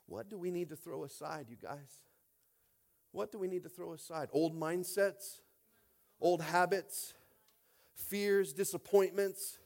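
A male pastor preaching a lively sermon, swinging between quiet asides and loud shouted exhortations, repeating lines and asking the congregation if they are with him. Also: medium pitch. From United States.

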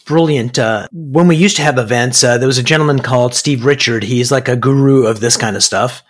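A man hosting a podcast interview, asking questions and answering with quick, upbeat affirmations. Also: mid-range voice. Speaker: podcast host. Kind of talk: conversational interview.

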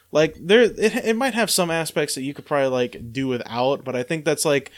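A man hosting a podcast in casual chat, rambling with many fillers and restarts. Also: mid-range voice. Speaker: podcast host.

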